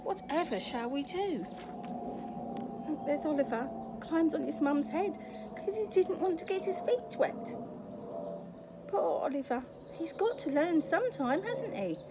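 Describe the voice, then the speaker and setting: Her voice is very high and animated, a little slow, set against a noisy background where faint birdsong can be heard. She is an older woman, a storyteller in a grandmother persona, reading a picture book outdoors in a garden to children in a chatty, sing-song way and often asking questions.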